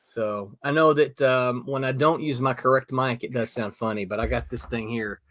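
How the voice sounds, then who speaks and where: A man's voice: mid-range voice, moderate pace, a bit bright. A middle-aged man hosting a casual live stream, laughing often and reading viewer comments aloud over his desktop call mic. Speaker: host of a live comics stream. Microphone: desktop mic on a video call.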